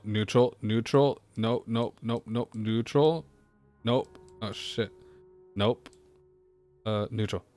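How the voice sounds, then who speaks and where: Man, gaming streamer, slow drawl, casual commentary, wry muttered asides. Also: lowish voice, darkish tone. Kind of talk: casual let's-play commentary.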